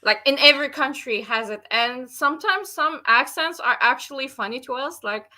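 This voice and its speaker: A woman's voice: high voice, moderate pace, sharp tone. A woman in a casual podcast chat, talking hesitantly with many fillers and frequent giggles.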